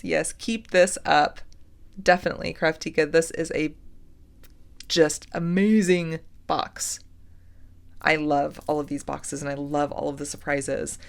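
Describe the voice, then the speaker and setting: A woman hosting a jewelry-making unboxing vlog, gushing with excitement and often dropping to a soft whisper. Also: low voice, gravelly. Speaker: jewelry-making channel host.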